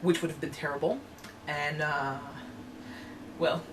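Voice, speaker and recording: A woman hosting an anime reaction chat, animated, swearing freely and restarting her sentences. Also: sits low, a little slow, a little hiss or hum, low-quality recording.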